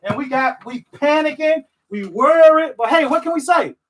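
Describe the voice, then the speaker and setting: A man's voice: very high voice, expressive, moderate pace, poor audio. A man ranting live on stream, rambling and repeating himself, swearing often, frustrated but accepting. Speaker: sports fan vlogger. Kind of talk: live stream reaction rant.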